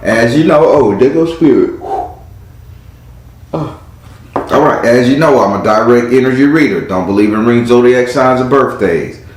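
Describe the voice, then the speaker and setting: This tarot reader and host talks in a mid-range voice with lively intonation and an unhurried pace, keeping things chatty and calling on spirit during his casual live reading. The space sounds very echoey, and there's faint noise.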